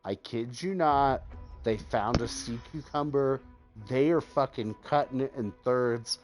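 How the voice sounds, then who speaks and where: A man's voice: mid-range voice, a little slow, over music. A drunk man streaming a game, rambling through a profane story with lots of "like". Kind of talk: casual storytelling while gaming.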